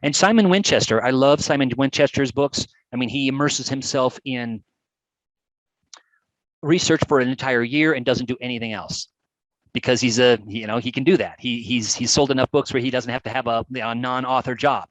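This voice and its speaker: Man, animated webcast presenter, mid-pitched voice, dry close mic. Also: moderate pace, no echo, rough recording. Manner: animated, chatty, with playful put-on voices. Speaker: GIS educator presenting a webcast. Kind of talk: enthusiastic live webcast presentation.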